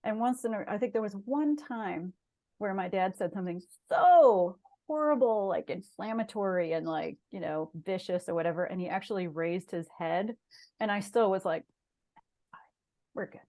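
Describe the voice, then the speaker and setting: A woman's voice: medium pitch, animated, normal speed, dark tone. A middle-aged woman, a guest on an interview show, earnestly telling a personal story in casual conversation. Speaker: guest, shaman and massage therapist.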